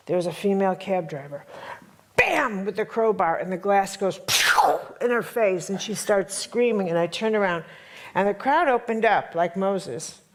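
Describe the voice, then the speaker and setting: A middle-aged woman telling a dramatic story to a workshop audience, emphatic and full of repetitions. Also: mid-range voice. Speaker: workshop teacher.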